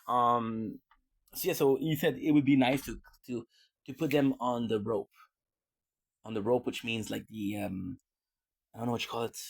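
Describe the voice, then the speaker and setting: A man's voice: medium pitch, vocal fry, darkish tone. A man vlogging in a casual, rambling way, often restarting and repeating words. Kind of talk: casual rambling livestream talk.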